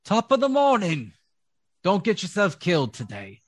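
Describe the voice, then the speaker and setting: A man's voice: sits high, huge pitch swings, moderate pace, pitched above the performer's own voice, full character voice. A man voicing a cheery, stout halfling traveler with folksy greetings. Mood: jovial.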